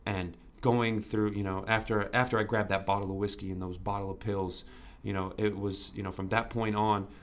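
Brief young man, low-pitched, earnest podcast guest, candid storytelling. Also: flat delivery, moderate pace. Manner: earnest, restarts often, fillers like "you know".

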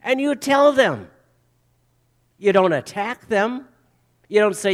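A man's voice: high-pitched, very animated, unhurried, pauses often. A male pastor preaching a sermon, retelling stories, acting out quoted voices, and repeating phrases for emphasis. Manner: storytelling, acts out quoted voices.

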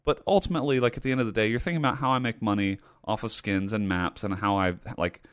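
A man co-hosting a gaming podcast, speaking in casual chat. He is animated and emphatic and repeats points for effect. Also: fairly low pitch, fast, dry recording, studio quality. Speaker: podcast host.

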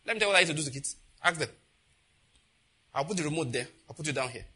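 Lively high-voiced pastor. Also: male voice, racing, breathy edge. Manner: animated, laughing, acts out quotes. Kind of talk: sermon.

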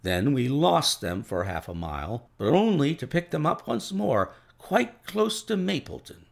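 Gravelly male storybook narrator. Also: mid-range voice, moderate pace. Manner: steady, first-person storytelling. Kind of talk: storybook reading.

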